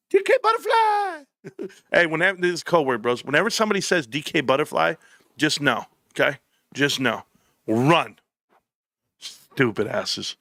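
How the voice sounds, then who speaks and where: A man's voice: high-pitched, sharp tone, no room sound, studio quality. A man hosting a casual live stream, joking, rambling and swearing freely as he talks to viewers by name.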